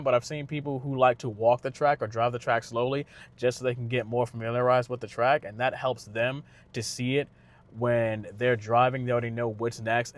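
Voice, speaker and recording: Man, car vlogger, casual review, chatty, slangy, mid-pitched voice. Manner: loose and conversational, with frequent fillers and restarts; slangy retelling with quick impressions of characters. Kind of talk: casual spoken movie review.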